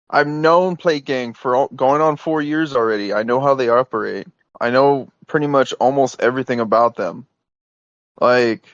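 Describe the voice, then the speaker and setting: A man's voice: medium pitch, no room sound. A man on a heated private voice call, talking in an insistent, exasperated way, full of "like" and "you know", on dull lo-fi audio. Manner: insistent, exasperated, filler-heavy.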